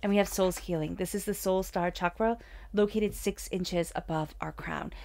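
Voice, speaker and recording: A woman doing a tarot reading in a soft, soothing, upbeat manner. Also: on the low side, fairly even intonation, normal speed, gravelly, slight background noise. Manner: soft, soothing and upbeat, with whispered meditation passages. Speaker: tarot reader.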